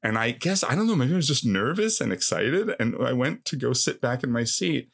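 A man in his fifties, a guest telling a funny story from his youth in a casual, animated, self-mocking way, filling his speech with "like" and "you know". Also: medium pitch, a little fast, gravelly, a little hiss or hum. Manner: animated, self-mocking, heavy use of filler words.

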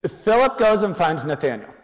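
A man delivers a conversational sermon as a pastor, animated and quick to joke as he reasons aloud. His voice sits a bit high and swings widely in pitch. The sound carries the long echo of a large hall. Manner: animated, joking, thinking aloud.

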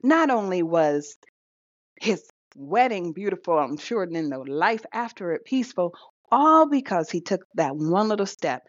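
A woman's voice: on the low side, very animated, moderate pace, no room sound. A woman co-hosting a podcast in casual chat, chatty and laughing often, with hesitant fillers. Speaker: podcast co-host. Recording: dull lo-fi recording.

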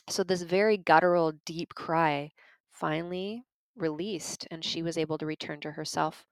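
A woman's voice: sits low, fairly even intonation, moderate pace, dry recording, rough recording. A woman giving an informal teaching talk on parenting and emotions, earnest and conversational, telling stories and speaking straight to her listeners. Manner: conversational, addresses listeners as "you guys"; earnest, storytelling.

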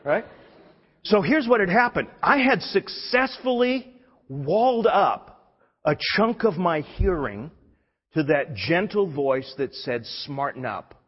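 A man preaching a sermon with emphatic force, often backing up and restarting his sentences. His voice is husky and slightly breathy. The recording is dull and carries a long hall reverb. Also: sits high, big pitch swings, slow pace. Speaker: pastor. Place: church hall.

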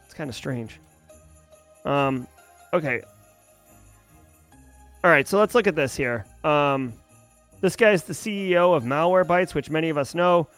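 A man's voice: on the high side, a little slow, pauses often, a bit bright, no echo, soft background music. A man hosting a livestream, reading news headlines and riffing on them in casual commentary, answering chat as he goes. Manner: chatty, reads headlines then riffs and answers chat. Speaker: livestream host.

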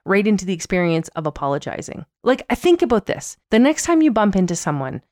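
A woman in her late thirties, a podcast host, talking in a candid, wry and animated way. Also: medium pitch, fast talker, no echo, studio quality. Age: 30s. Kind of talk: casual chat.

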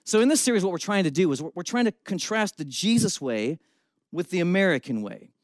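A man, a pastor, preaching a sermon with a lively storytelling delivery and shifting emphasis. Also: high-pitched, fairly quick, dry recording.

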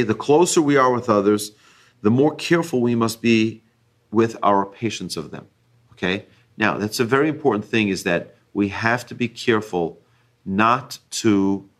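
Earnest man teaching, repeating points. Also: fairly bright tone. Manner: earnest, repeats key phrases, rises in pitch and volume when stressing a point. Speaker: religious teacher. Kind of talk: ethics class talk to a group.

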